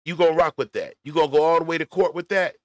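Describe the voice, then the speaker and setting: A man riffing on a clip he's reacting to, blunt and mocking, with plenty of cursing. His voice sits a little high. The sound is dry, with no room around it. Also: steady tone, very fast, dry recording. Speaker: commentary vlogger. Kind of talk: reaction commentary.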